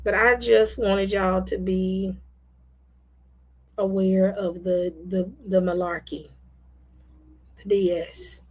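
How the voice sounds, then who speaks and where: Blunt, husky woman host. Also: mid-range voice, flat delivery, slow, long pauses, a little mellow. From United States. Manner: blunt, impassioned, repeats for emphasis. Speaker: online show host. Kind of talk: casual commentary to viewers.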